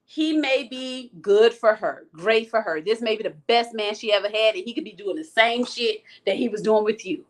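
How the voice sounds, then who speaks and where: A woman hosts a casual livestream in a fairly high voice. She speaks frankly and with energy, right to her viewers, and reads out their comments as she goes. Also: moderate pace, hardly any pauses. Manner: frank, animated, talks straight to the viewers. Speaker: host of a live chat show.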